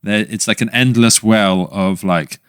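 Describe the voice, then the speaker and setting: A man's voice: lowish voice, measured pace, clean tone, no echo, studio quality. A young adult man with an English accent, a podcast guest telling self-mocking stories in casual chat. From England. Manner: anecdotal, self-mocking storytelling.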